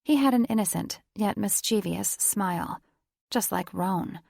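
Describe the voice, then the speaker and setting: A woman narrating a romance audiobook in a measured, even storytelling voice. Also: medium pitch, vocal fry, dry recording, clean studio sound. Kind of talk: scripted narration.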